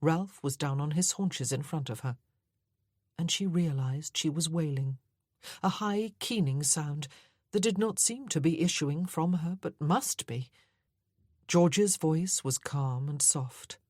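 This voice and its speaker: Woman audiobook narrator, very slow, husky, lowish voice, dry sound. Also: darkish tone, no room sound. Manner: measured, unhurried reading. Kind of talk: scripted narration.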